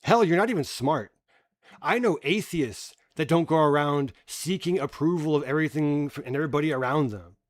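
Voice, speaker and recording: A man's voice: on the high side, a little fast. A man ranting bluntly and profanely in casual livestream commentary. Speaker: streamer.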